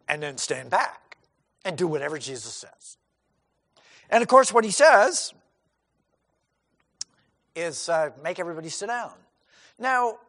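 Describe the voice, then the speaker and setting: A pastor preaches a sermon in a folksy, conversational style, acting out scenes with quoted voices and plenty of asides. His voice is a little high, fairly bright, and husky, with a long reverb tail.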